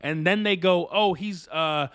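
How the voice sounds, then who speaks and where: Male podcast co-host, slightly high voice, dry booth sound, loose rambling recap delivery. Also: a little slow, fairly bright tone, no echo. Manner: rambling recap with acted-out quotes and laughs. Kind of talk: casual chat, recapping an anime.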